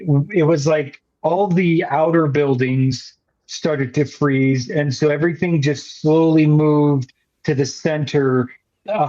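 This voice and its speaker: Slow-talking man on muffled audio. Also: a little high, dark tone. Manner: slow, measured, dry understatement. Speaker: filmmaker guest. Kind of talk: casual interview talk.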